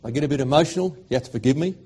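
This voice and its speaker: A middle-aged Australian man preaching a sermon, swinging from loud fervent declarations to hushed, emotional storytelling. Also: mid-range voice, racing, breathy edge.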